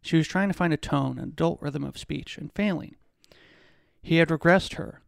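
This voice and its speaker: A podcast host reads a passage from a novel in a measured way, now and then stumbling and restarting a word. His voice is gravelly with heavy fry and sits a little high. The recording is dry and close. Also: no echo. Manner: measured reading with occasional restarts. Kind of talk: reading a novel excerpt aloud.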